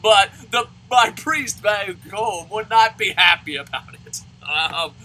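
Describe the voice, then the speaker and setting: A man reviewing a wrestling show in a casual, profane rant, excitable and sarcastic, tripping over his words. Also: high-pitched, slow pace, slight background noise, low-quality recording. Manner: excitable, swears constantly, sarcastic, repeats and restarts.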